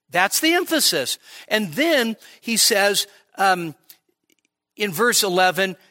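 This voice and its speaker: A male pastor teaching an expository sermon at a midweek church service, conversational and emphatic, checking in with "okay?" and slowing down to stress key phrases. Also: high voice, sharp tone.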